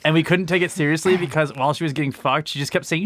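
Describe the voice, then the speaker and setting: A man's voice: a little high, racing. A man co-hosting a live podcast, chatting casually and telling jokey stories. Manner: joking, animated storyteller. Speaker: podcast co-host.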